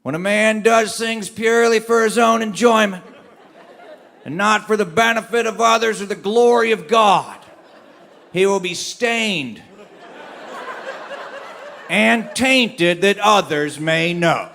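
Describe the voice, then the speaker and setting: Brief: sermonizing voice out of the dark, slow moral lecture to boys, as a storyteller puts it on. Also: male voice, high voice, vocal fry, a little hiss or hum, exaggerated voice. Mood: moralizing. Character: preachy adult voice scolding boys from the dark.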